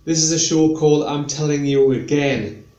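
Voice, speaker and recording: A man's voice: a little high, fairly even intonation, normal speed, darkish tone. A man telling rambling stand-up stories, chatty and meandering. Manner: chatty, meandering, full of fillers. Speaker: stand-up comedian. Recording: echoey room.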